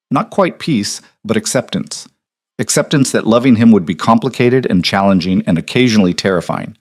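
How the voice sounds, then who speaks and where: A man narrating a romance audiobook in a calm, measured way. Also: on the low side, dry recording, clean studio sound.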